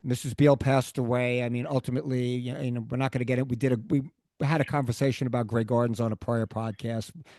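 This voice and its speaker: A man hosting a podcast interview, steering his guest toward dates and a clear timeline. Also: medium pitch, level tone, quick pace, dark tone, dry recording, studio quality. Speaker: podcast host.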